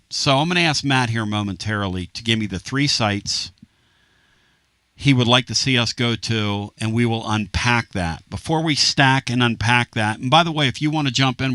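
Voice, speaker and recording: A man hosting a sports talk radio show, animated and rambling with quick asides and jokes. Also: medium pitch, no echo. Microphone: studio microphone.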